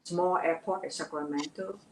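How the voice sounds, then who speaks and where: An older woman from Vietnam with a Vietnamese accent, a guest telling her life story in an interview, earnest and halting, often repeating words. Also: lowish voice, steady tone, a little mellow, slight background noise. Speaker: guest, actress. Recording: roomy echo.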